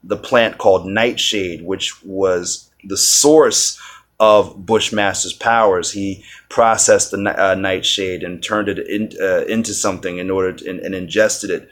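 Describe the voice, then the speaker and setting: Slow, halting low-voiced man. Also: steady tone, fairly bright tone. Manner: rambling, many restarts and fillers. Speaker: video reviewer. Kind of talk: casual spoken review.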